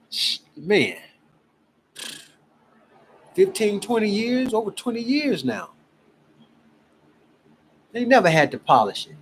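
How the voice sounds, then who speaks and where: Guy from ohio ranting bout prices, husky voice, slow and swoopy. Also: high voice, low-quality recording. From Cleveland, Ohio. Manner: emphatic, exasperated, animated preaching. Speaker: gold promoter. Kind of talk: casual selling pitch to camera.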